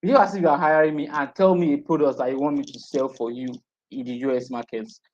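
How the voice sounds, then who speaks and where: A man's voice: medium pitch, fairly even intonation, fast, darkish tone. Man teaching a live class, repetitive. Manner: repeats points, checks in with "okay?". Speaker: online marketing instructor. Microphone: streaming setup. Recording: dull lo-fi stream audio.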